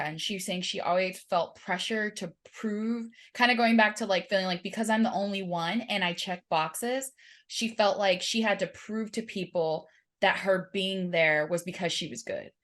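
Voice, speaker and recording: A woman's voice: medium pitch, normal speed, a bit bright. A woman hosting a podcast, telling stories conversationally with many filler words. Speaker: podcast host. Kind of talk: conversational interview chat.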